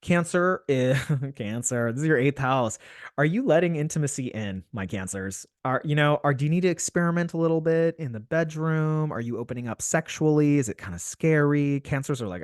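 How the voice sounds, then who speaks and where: A man's voice: fairly high pitch, lively intonation, moderate pace, dry recording, clean studio sound. A man giving a weekly horoscope reading, chatty and playful, with lots of fillers and restarts. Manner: chatty and playful, with frequent fillers and self-corrections. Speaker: astrologer. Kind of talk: weekly horoscope video talk.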